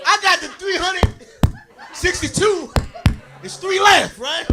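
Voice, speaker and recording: A stand-up comic with a very high voice takes his time, talking straight to the crowd in a boisterous way. He laughs as he delivers lines and yells the punchlines, over crowd noise and other background noise.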